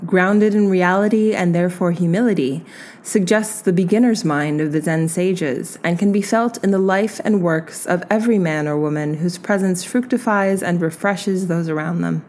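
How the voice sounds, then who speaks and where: Woman reading an essay out loud, slow and thoughtful, lowish voice. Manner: slow, measured, reflective. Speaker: reader.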